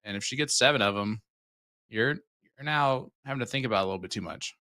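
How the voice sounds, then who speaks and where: A man's voice: fairly low pitch, fast, bright, forceful tone, no room sound. A man commentating a darts tournament, joking and chatty with asides between throws. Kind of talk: live sports commentary.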